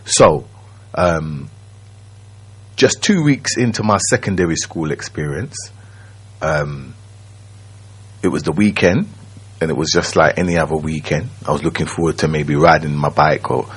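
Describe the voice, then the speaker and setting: A man, telling his own story as a radio guest in a slow, reflective way, often checking that the listener follows. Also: extremely low pitch, husky. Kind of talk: personal storytelling. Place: radio studio.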